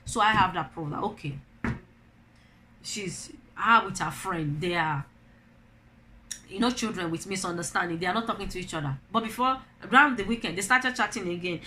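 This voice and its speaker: A woman's voice: medium pitch, moderate pace, bright, forceful tone, slight background noise. A middle-aged Nigerian woman and mother, talking to camera in an opinion vlog, telling stories animatedly and asking rhetorical questions. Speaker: vlogger, mother.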